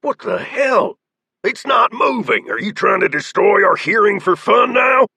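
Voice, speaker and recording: A man's voice: mid-range voice, sing-song, measured pace, gravelly, breathy edge, no echo, heavily acted. A man doing Vincent, a stern bearded gang leader. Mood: alarmed, shouting. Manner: barking orders, shouting.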